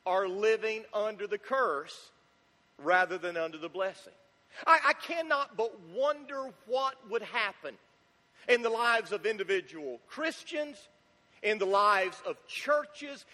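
A man with a strikingly high, bright voice delivers a sermon at a deliberate, slow pace. He hammers points home by repeating them and asking the congregation questions. His words ring out in a reverberant church sanctuary. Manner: emphatic, repetitive preaching with rhetorical questions. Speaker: pastor. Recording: long hall reverb.

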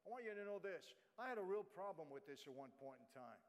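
A man preaches his testimony in a blunt, plain-spoken way, talking right at the crowd. His voice sits a little higher than most men's. A long reverb from a big hall trails behind every line. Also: sing-song, fast talker. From New York, USA. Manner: blunt, conversational, addresses the audience directly. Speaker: guest speaker. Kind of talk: testimony sermon. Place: church.

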